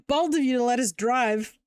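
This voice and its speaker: Giggly high-voiced woman streamer. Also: darkish tone, smooth, no echo, clean studio sound. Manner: giggly, breaks into long laughing fits. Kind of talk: casual chat while building Lego on stream.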